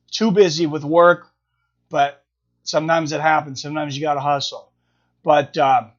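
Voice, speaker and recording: High-voiced man rambling on a lo-fi stream. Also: fairly bright tone. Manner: rambling, thinking aloud with many fillers and restarts. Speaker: live stream host. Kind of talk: casual live-stream chat, reading viewer comments. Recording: dull lo-fi stream audio.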